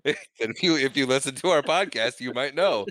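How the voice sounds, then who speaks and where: Medium in pitch and a little fast, a man co-hosts a relaxed movie podcast in an animated, slightly bright voice. He laughs frequently, pokes fun at himself and reads the credits, and there is no room sound.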